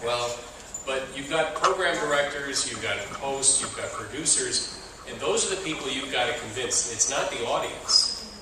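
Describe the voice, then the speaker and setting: A man's voice: medium pitch, expressive, moderate pace. Blunt man on a panel, distant and echoey, with a noisy room behind him. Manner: firm, insistent, repeats points. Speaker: panelist, radio professional. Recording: echoey hall, recorded from far off.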